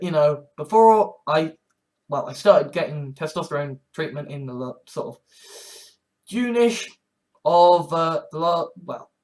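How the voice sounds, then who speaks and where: A man in his twenties in a rambling vlog monologue, halting and sardonic, with many restarts. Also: a little high. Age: 20s. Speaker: vlogger.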